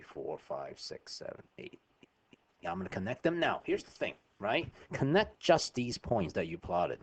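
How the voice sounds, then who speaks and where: A man's voice: low voice, vocal fry, slightly rough. A man teaching a math lesson over a screen recording, chatty and informal, often checking in with "right?".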